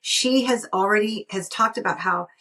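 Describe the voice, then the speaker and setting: Her voice is medium-pitched and sharp, delivered at a moderate pace. She's a podcast co-host telling stories animatedly in a casual chat, often beginning her sentences again. The recording picks her up from afar, away from the mic.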